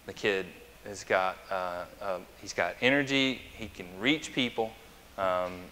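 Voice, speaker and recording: A man's voice: lowish voice, a little slow, bright, forceful tone, slight background noise. A male pastor preaching a conversational sermon, chatty and anecdotal, who asks the congregation questions. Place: church sanctuary. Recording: long church reverb.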